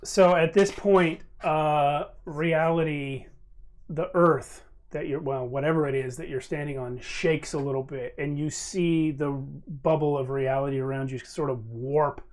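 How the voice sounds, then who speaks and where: A man's voice: on the high side, steady tone, measured pace. Chatty man running a tabletop game. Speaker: game master. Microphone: table mic at a live-streamed game.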